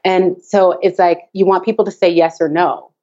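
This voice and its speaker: A woman speaking from her home office about her work, animated and quick to laugh as she tells stories. Her voice sits on the low side, and the recording is dull and lo-fi, like a remote call. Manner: animated storyteller, laughs often, acts out her child's voice. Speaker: guest, tap dance teacher and course creator. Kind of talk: casual interview chat. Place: home office at the back of the garage.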